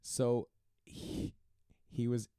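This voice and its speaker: A man's voice: extremely slow, dark tone, no room sound, clean studio sound. A man co-hosting a casual podcast, retelling funny scenes and acting out the lines with laughs. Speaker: podcast co-host. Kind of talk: casual chat.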